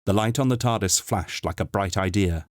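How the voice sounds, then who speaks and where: A man narrating an unabridged audiobook in a steady, measured reading voice. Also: fairly low pitch, no room sound, clean studio sound. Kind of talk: scripted narration.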